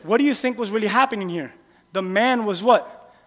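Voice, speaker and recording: A male pastor preaching a sermon in a casual, animated way, firing rhetorical questions at the congregation. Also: high-pitched, fairly quick. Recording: long reverb in a large hall.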